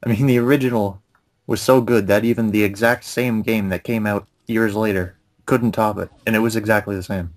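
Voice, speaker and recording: A man's voice: lowish voice, steady tone, fairly quick. A man chatting casually about games with a friend, laid-back with short dry replies and chuckles. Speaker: co-host of a gaming channel. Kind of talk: casual ranting chat with a friend.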